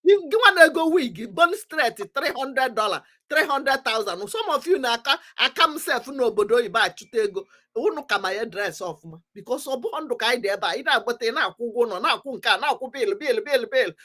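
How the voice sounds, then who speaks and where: Nigerian woman, fervent community talk, emphatic and repetitive, fairly high voice that swings widely. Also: expressive, fast talker, fairly bright tone. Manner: emphatic, repetitive, preaching urgency. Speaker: commentator on community affairs. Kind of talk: impassioned talk mixing English, Pidgin and Igbo.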